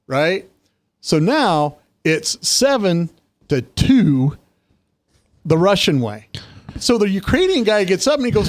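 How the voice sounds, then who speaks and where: A man co-hosting a casual political talk show, telling stories with lively emphasis. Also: dry recording. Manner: animated storytelling, quick pitch jumps. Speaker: co-host.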